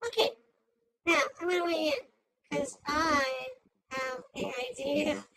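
A woman voicing a hyper, chattering female AI cartoon host who rambles through commentary on a news clip, jumping between shouts and mutters. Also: very high-pitched, animated, measured pace, creaky, exaggerated voice, low-quality recording. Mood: excitable.

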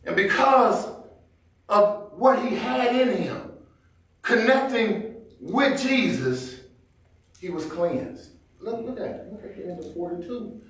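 High-voiced preacher in an echoey church. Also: male voice, animated, unhurried, fairly bright tone. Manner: conversational Black church preaching, acting out everyday scenes. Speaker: pastor. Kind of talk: sermon. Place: church sanctuary. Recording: very echoey church hall, distant mic.

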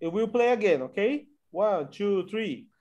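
A man teaching an online English conversation class, coaxing students along slowly with many fillers. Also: sits high, lively intonation, a little mellow, highs cut off.

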